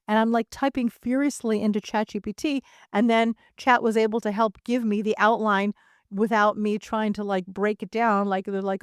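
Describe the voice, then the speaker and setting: A woman's voice: medium pitch, fairly even intonation, moderate pace, smooth, no echo, clean studio sound. A middle-aged woman hosting a solo podcast, talking in a conversational, emphatic way and laughing now and then. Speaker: podcast host.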